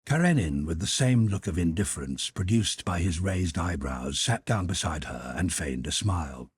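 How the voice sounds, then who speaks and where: A man narrating an audiobook in an expressive, measured storytelling manner. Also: low-pitched, husky, no room sound, clean studio sound. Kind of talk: scripted narration.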